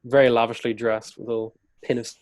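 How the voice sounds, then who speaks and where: A man's voice: mid-range voice, level tone, fast, a little mellow, no echo. A man, a podcast guest and historian, telling a historical story in conversation and acting out quotes along the way. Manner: vivid retelling that acts out historical quotes.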